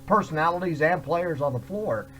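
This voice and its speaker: A man hosting an interview, asking questions in a halting way with many fillers. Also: a little high, expressive, fairly bright tone, slight background noise. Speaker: host.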